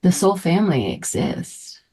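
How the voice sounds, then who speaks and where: A middle-aged woman coaches a spiritual group in a slow, unhurried flow. Her voice sits low for a woman. She is effusive and emotional, and now and then drops into soft, breathy asides. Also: big pitch swings. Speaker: meditation and manifestation coach.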